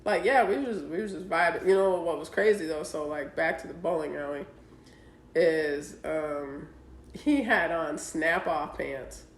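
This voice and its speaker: A woman's voice: sits low, a little slow, a little hiss or hum. Woman telling stories in an echoey room. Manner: profane, laughing storyteller. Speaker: podcast co-host. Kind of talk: casual chat.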